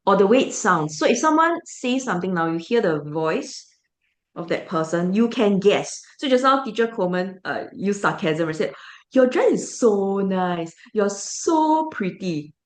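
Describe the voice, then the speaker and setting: A woman with a Singaporean English accent teaching an English class online, explaining with rhetorical questions to the students. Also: medium pitch.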